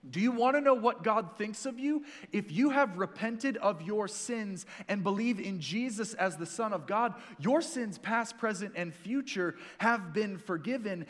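A man preaching a sermon in a church, earnest and emphatic, dropping to soft, intimate lines between stronger passages. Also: sits high, a little slow, few pauses, big-room sound. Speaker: pastor.

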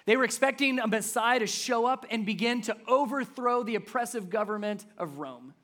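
Here is a pastor preaching a sermon in a mid-pitched voice that is neither high nor low. The delivery is conversational and emphatic. Loud, stressed words give way to quiet, dropped-down asides. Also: moderate pace.

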